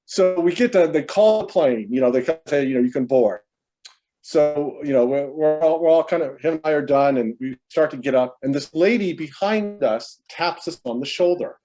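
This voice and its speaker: A man's voice: on the high side, normal speed, warm tone. A man, brother of the deceased, telling a long story at a memorial over a video call, rambling with many fillers and restarts.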